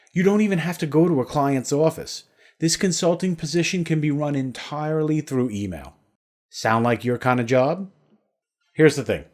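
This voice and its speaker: Lively-pitched man reading a sales pitch. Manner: upbeat promotional delivery. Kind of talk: scripted sales webinar voice-over.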